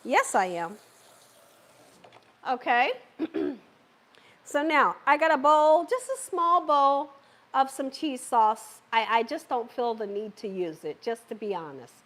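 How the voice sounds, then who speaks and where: High, lively woman hosting a cooking stream. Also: takes it slowly. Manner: chatty, talks directly to viewers and live chat; playful, laughs and cheers herself on. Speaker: cooking show host.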